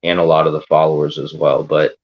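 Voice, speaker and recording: A man's voice: very deep voice, little pitch movement, fairly quick, lo-fi sound. A man ranting defiantly on a livestream, profane and rambling. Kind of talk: livestream rant.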